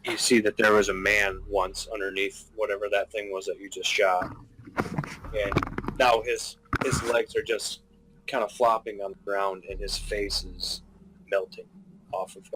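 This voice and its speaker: A man narrating as game master of a tabletop game, describing scenes haltingly with many restarts, while he has the hiccups. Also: fairly low pitch, level tone, bright, forceful tone, slight background noise, poor audio.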